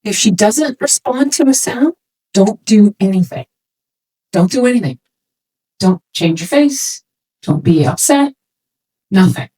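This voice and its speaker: A woman speaking to a room of swimming parents in a casual, animated way, acting out quoted remarks as she goes. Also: mid-range voice, measured pace, pauses often, husky, rough recording. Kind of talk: talk to a parents' session.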